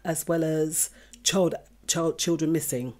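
A woman's voice: low voice, fairly even intonation, unhurried. A woman co-hosting a casual podcast chat, earnestly reading out a news item and urging listeners. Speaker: podcast co-host.

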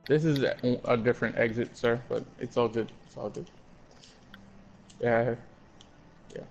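A man's voice: mid-range voice, fairly even intonation, a little slow, vocal fry, muffled recording, faint music behind. A man playing along in a gaming video, answering in short, laid-back replies. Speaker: co-player. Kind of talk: casual gameplay chat.

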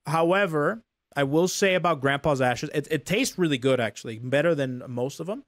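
A young man hosting a streamed talk show, chatting casually and laughing easily, with frequent restarts. His voice sits fairly high for a man. The sound is close and dry, with no room in it. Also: expressive, normal speed, no echo. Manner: laughs often, repeats words, plugs sponsor code.

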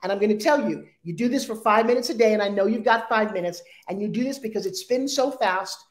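A woman in her sixties speaking as an interview guest, animated and acting out sales pitches in quoted voices. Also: quick pace. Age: 60s. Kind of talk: energetic interview talk.

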